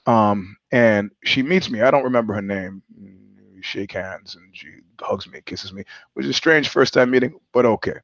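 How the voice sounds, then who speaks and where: Rambling low-voiced man telling a story. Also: normal speed, fairly bright tone, no room sound, dull audio. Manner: digressive, profane, laughs mid-sentence. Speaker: podcast host.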